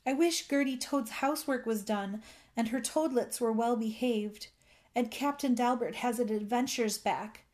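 A woman voicing a gentle, kindly male bullfrog in a storybook reading, raising her voice high for him. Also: measured pace, lightly acted. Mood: wistful. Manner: earnest, high and excited when calling out.

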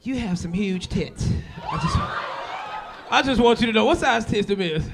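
Man, high-pitched, loud, profane, laughing, live stand-up, slight hiss. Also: sing-song, normal speed, vocal fry. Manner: loud, profane, laughing at his own jokes. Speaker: stand-up comedian working the crowd. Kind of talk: live crowd-work comedy. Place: live club show.

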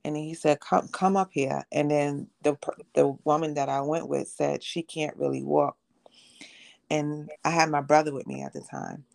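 Low raspy-sounding woman telling her testimony on a podcast, doing everyone's voices as she goes. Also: fairly even intonation, normal speed, a little mellow. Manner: storytelling, acts out quoted voices. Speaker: podcast guest. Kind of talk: personal testimony in conversation.

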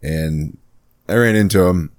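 Man, very low voice; loose, cursing podcast co-host for casual chat. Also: a little slow. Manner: profane, animated storyteller.

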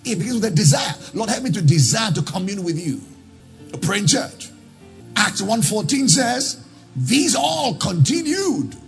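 High, lively preaching man with gravel. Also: a little slow, faint music behind. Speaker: pastor. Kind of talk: sermon.

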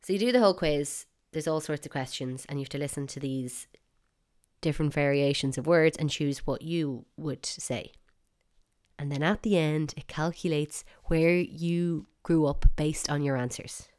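A woman's voice: low voice, moderate pace, a little mellow, clear, resonant tone. A woman with an Irish accent hosting a solo podcast, chatty and wry, with bursts of mock outrage. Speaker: podcast host.

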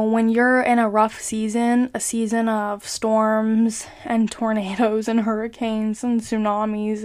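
A young woman talking casually and earnestly about her faith, hesitant and full of filler words. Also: fairly high pitch. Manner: hesitant, full of ums and you-knows; earnest, soft-spoken. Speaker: vlogger sharing a faith reflection. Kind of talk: casual devotional talk.

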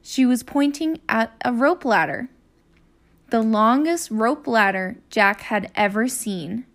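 A woman teacher hosting her own podcast, reading a children's chapter book aloud in a clear, expressive way. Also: fairly high pitch, slow.

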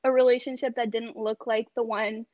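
A woman's voice: on the high side, level tone, normal speed, no room sound, highs cut off. A young woman talking casually on a podcast over a video call, chatty with many fillers and frequent laughs. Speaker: podcast guest.

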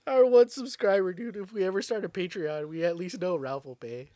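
A man's voice: high voice, brisk, warm tone, dry recording. A young man co-hosting a casual podcast, profane and rowdy, a bit drunk and laughing often. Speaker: podcast co-host.

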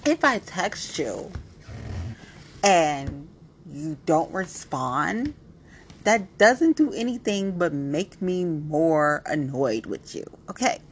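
A young woman hosts her own podcast and vents in a loose, casual monologue. Her voice sits a little low but swoops widely up and down as she talks bluntly and a bit pettily, with slangy asides. A faint hiss runs under the recording. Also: very animated, slow. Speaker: podcast host.

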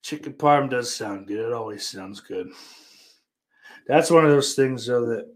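A man with a mid-pitched voice hosts a livestream and talks loosely to his viewers. He rambles and curses freely, then bursts into loud greetings now and then. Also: a little slow. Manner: crude and profane, talks to chat. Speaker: livestream host. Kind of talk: casual livestream chat with viewers.

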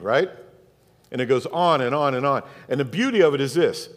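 A pastor with a Southern US accent preaching a sermon, asking rhetorical questions and repeating phrases for emphasis. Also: male voice, medium pitch, fast talker. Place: church sanctuary. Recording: long reverb of a church hall.

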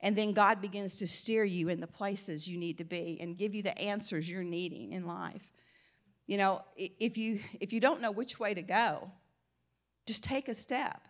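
A woman with a light Southern US twang gives a relaxed Christian teaching at a middle pitch. She talks conversationally, often restarting her phrases and breaking into laughter. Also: moderate pace. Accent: slight Southern US twang. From American South. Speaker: Christian speaker. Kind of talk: informal faith teaching.

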